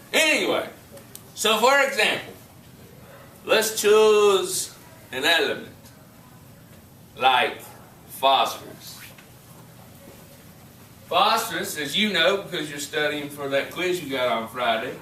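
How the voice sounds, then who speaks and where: A man teaches chemistry to a high school class, his bright, forward voice rising and falling with lively energy as he jokes with the students. He sits a little high for a man. The sound is picked up from across an echoey classroom. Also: slow pace, pauses often, recorded from a distance, slight background noise. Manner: lively, joking and teasing with students. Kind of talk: classroom lecture.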